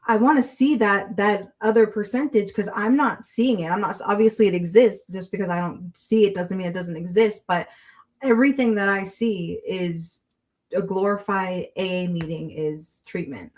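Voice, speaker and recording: A woman's voice: mid-range voice, a little mellow. A woman co-hosting a casual live-stream chat, talking freely as she loses her voice. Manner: chatty, reads viewer comments aloud. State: losing her voice. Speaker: podcast co-host.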